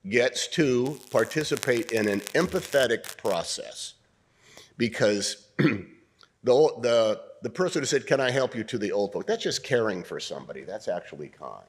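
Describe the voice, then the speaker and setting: Husky older man coaching an acting class. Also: on the low side, unhurried. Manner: animated, coaching, clears throat often. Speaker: acting teacher. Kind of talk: acting workshop instruction.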